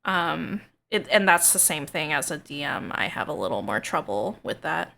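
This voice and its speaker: Streamer lady chatting, rambly and unsure, bright tense voice. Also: deep voice, sing-song, moderate pace, gravelly. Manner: rambling, hesitant, self-deprecating. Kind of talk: casual chat.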